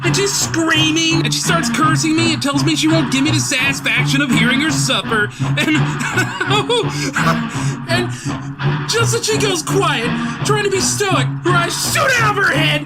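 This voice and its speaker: Manic young male killer, played by a man, high voice, contemptuous and cackling, music behind. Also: lively intonation, measured pace. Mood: gleeful. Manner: sneering, lecturing, bursts into cackling. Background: loud music.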